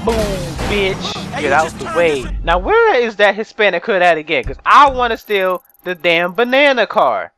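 A young male gamer talks over his own play in a loose, rambling way, swearing freely and jumping into excited yells. His voice sits high and swings widely in pitch. Game music plays clearly underneath. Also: moderate pace, few pauses. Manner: rambling, profane, bursts into excited yelling and laughter. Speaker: gamer narrating his gameplay. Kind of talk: casual let's-play commentary. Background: game music and sounds.

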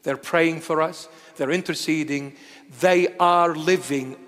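A man of Assyrian heritage preaching a sermon, telling stories in an animated way that swings between loud declarations and hushed asides. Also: fairly high pitch, slow pace, long reverb tail.

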